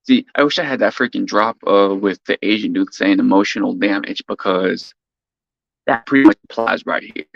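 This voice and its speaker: A man's voice: on the low side, moderate pace, creaky, no echo, dull audio. A man ranting casually to his live chat, swearing constantly and restarting his sentences as he goes. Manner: profane, rambling, animated rant with frequent restarts. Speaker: streamer.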